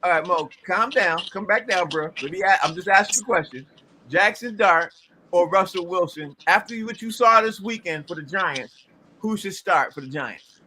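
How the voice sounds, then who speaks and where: Male sports podcast host, bright voice, a bit high, relaxed slangy questions, faint background hiss. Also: moderate pace. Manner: easygoing, asks questions, slangy. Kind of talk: casual sports chat.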